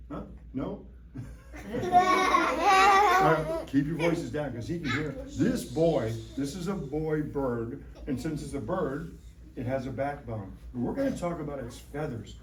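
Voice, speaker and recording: A man teaching a lively science lesson to young children in a classroom, playful and full of call-and-response. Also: a little high, background noise. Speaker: science educator visiting a class. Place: school classroom. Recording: roomy room from a distant mic.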